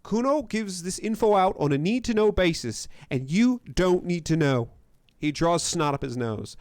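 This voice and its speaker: A man's voice: on the high side, sing-song, a little fast, no room sound, clean studio sound. A young man voicing a cocky, foul-mouthed boy of about twelve who swaggers and talks about himself by name.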